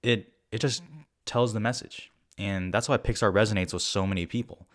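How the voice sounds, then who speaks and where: A young man giving a casual, rambling film review. He is excitable and swears often. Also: lowish voice, moderate pace. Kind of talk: casual spoken movie review.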